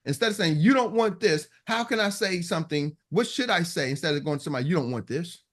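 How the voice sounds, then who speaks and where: A man's voice: a little high, lively intonation, fast talker, a bit bright. A man leading a motivational sales coaching call, talking emphatically, repeating himself and acting out what customers say.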